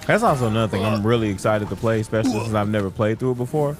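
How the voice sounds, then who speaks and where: A man co-hosting a gaming video, chatting excitedly and laughing loudly. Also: fairly low pitch, racing, faint music behind. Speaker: gamer co-host. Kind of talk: casual gaming chat.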